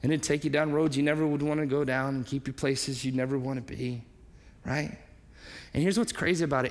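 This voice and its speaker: Pastor, male, preaching in a church hall; high, gravelly voice, lively delivery. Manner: animated, acts out quoted voices, asks the congregation questions. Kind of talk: sermon. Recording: long reverb of a large hall.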